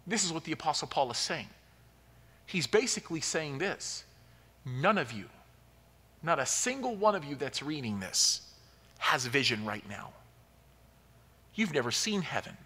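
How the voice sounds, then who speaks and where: A man preaching a sermon as a pastor, telling a story and building to loud, emphatic peaks. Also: on the high side, big pitch swings, moderate pace, pauses often, slightly rough. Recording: long hall reverb.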